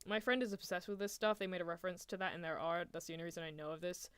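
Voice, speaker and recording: A woman's voice: lowish voice, fairly even intonation, rapid-fire, a bit bright, clear, resonant tone, no echo. A young woman chatting casually and laughing often as she reacts to an anime on a stream, talking close to a desk mic.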